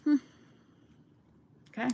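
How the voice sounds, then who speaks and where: A woman's voice: slow pace, lo-fi sound. A woman giving a chatty, emphatic live tarot reading to her viewers. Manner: chatty, emphatic, swears casually, talks to viewers. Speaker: tarot reader.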